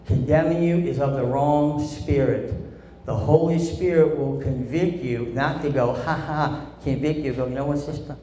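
A man's voice: medium pitch, fairly even intonation, moderate pace, mellow, echoey room. A man preaching a sermon as pastor, calling for responses from the congregation and acting out quoted voices. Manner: preachy call-and-response, asking the congregation to answer. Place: church sanctuary.

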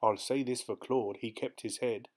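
Male audiobook narrator, measured storytelling. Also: medium pitch, steady tone.

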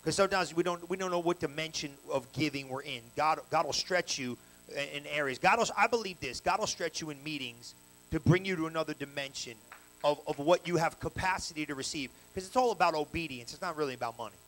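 A man preaching a sermon at a church service in a colloquial, storytelling way, full of slang, with energetic bursts that rise to loud peaks. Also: a little high, quick pace, low-quality recording.

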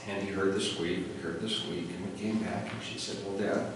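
A man's voice: low voice, fairly even intonation, a little fast. Man giving a eulogy in an echoey hall. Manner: earnest, reflective, with light laughter. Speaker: family member giving a eulogy. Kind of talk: funeral eulogy. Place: funeral chapel. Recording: echoey hall from far off, noisy.

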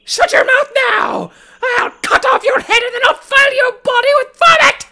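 A woman's voice: extremely high pitch, normal speed, sharp tone, exaggerated voice. A woman voicing a vicious possessed demon girl in a video game, shrieking and threatening. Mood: furious. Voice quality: gravelly shrieking.

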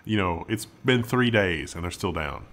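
A man's voice: sits low, animated, moderate pace, fairly bright tone. A man co-hosting a tech news show, reading headlines and adding dry, wry remarks. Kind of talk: reading headlines, then commenting.

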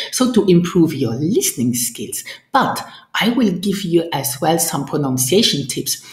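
A woman's voice: sits low, darkish tone, echoey room. A woman, teaching a language lesson and coaching the listener through pronunciation and repetition. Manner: patient, coaching, models pronunciation and invites repetition.

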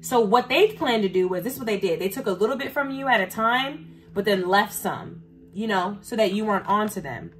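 A woman's voice: mid-range voice, animated, brisk. Woman doing a tarot reading, cussing and blunt, gets kinda heated, faint music underneath. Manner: blunt, profane, talks straight to viewers. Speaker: tarot reader. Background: faint background music.

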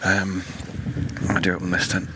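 A man's voice: sits low, monotone, normal speed. Breathless man rambling on a rocky shore. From England. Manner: rambling, self-deprecating, frequent ums. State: out of breath from scrambling. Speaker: podcast host. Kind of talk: casual outdoor fishing commentary. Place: rocky coast outdoors at dawn. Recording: outdoor recording with clear background noise.

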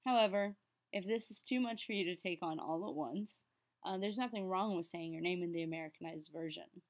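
A woman giving a French lesson to her class. She is upbeat and encouraging, and slows right down to sound out each French word clearly. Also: lowish voice. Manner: patient, slows down to enunciate French words. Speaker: French teacher.

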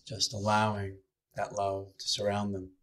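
A man minister leading a slow, soothing guided meditation with breathing cues, then speaking to a chapel congregation. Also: on the low side, completely flat delivery, fairly bright tone.

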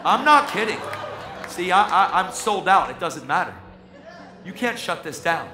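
A man with a high-pitched, sing-song voice preaches a sermon at an unhurried pace, with passionate, emphatic delivery, often calling the listener "man." The recording is in an echoey hall with faint music.

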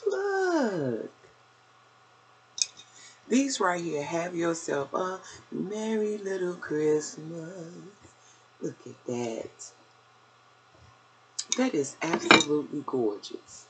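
A woman's voice: low-pitched, slow, noisy background. An older woman vlogger chatting casually through a shopping haul, a little out of breath, calling her viewers y'all. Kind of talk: casual haul video chat.

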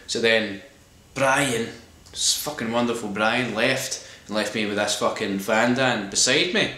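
A man's voice: lowish voice, moderate pace, few pauses, bright, forceful tone. A man ranting in a sweary, exasperated vlog monologue. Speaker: vlogger reviewing a comedy show. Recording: echoey room.

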